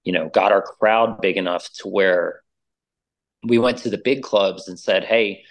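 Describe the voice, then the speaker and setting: A middle-aged man with a somewhat low voice tells a story in loose, casual chat. He is animated and full of "like" and "dude," and he acts out the voices of the people in it. The sound is plain. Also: measured pace. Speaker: interview guest, musician.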